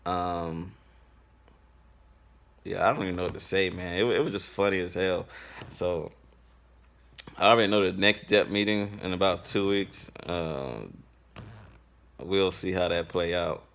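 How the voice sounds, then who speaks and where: A man's voice: deep voice, a little slow, creaky, long pauses, fairly bright tone. A young man telling a story to camera in a laid-back, slangy way, full of fillers. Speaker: vlogger.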